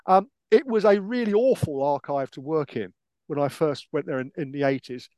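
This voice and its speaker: A man's voice: on the high side, normal speed, a little mellow, no echo. An older man from Britain, a historian co-hosting a podcast, telling archive anecdotes in a hesitant, restarting way. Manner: hesitant, many restarts and fillers. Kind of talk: casual anecdotal chat.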